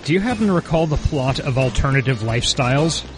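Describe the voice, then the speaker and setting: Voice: mid-range voice, animated, fast, noisy background. A co-host of a casual rewatch podcast, dropping wry quips. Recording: music playing underneath.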